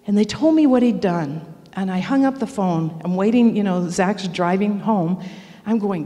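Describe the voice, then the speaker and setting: A woman's voice: mid-range voice, expressive, moderate pace, a little mellow. Earnest woman preaching in a reverberant church. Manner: earnest, confessional, candid about her faults. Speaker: speaker at a prayer seminar. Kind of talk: personal storytelling sermon. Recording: long reverb of a church hall.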